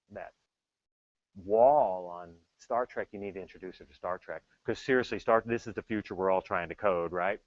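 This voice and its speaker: A middle-aged man giving a tech talk, telling stories in an animated, joking way. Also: fairly high pitch, dry recording, highs cut off. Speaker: tech speaker. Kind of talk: storytelling keynote talk.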